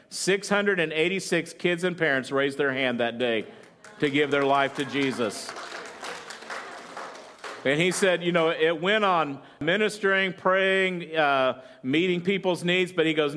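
A man's voice: on the high side, fairly bright tone. Man preaching a sermon story. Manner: retells a story with quoted lines, halting fillers.

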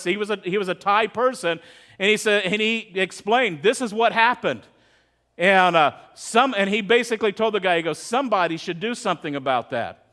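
A man's voice: sits high, bright, forceful tone. A middle-aged male pastor preaching a sermon in a conversational, storytelling way, acting out quotes as he goes.

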